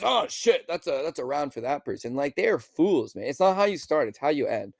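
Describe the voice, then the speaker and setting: A man's voice: on the high side, sing-song, fairly quick, vocal fry, few pauses, no echo. A man hosting a podcast, recapping fights in a blunt, exasperated rant full of rhetorical questions and swearing. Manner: rhetorical questions, mimics people mid-rant. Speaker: podcast host. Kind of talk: solo fight recap commentary.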